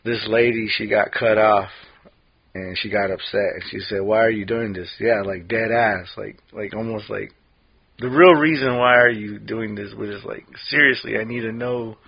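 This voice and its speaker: A man co-hosting a podcast, talking casually in a halting way with lots of fillers and restarts. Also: on the low side, fairly even intonation, gravelly, husky. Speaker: podcast co-host. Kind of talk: casual chat. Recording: dull lo-fi podcast audio.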